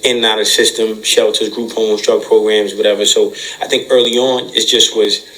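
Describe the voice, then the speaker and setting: A man, an interview guest, talking casually in a halting way with many restarts. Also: lowish voice, level tone, a bit bright, low-quality recording.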